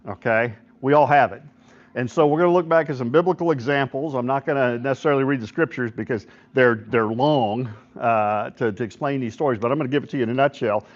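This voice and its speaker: A middle-aged man, a pastor, gives an informal devotional talk at a men's breakfast, often checking in with listeners and retelling stories with quoted voices. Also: medium pitch. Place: church hall at a men's breakfast. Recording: dull lo-fi recording.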